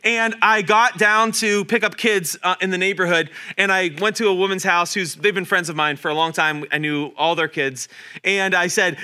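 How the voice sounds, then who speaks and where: A man in his thirties preaching a sermon in a church, animated and self-deprecating, showing points with his hands. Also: high voice, normal speed. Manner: animated, self-deprecating, talks with hand demonstrations. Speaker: guest preacher. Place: church sanctuary.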